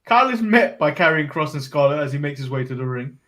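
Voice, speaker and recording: A man's voice: on the high side, lively intonation, fast talker, bright, forceful tone. A man co-hosting a casual wrestling recap podcast, laughing often and moving the match rundown along. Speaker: podcast co-host.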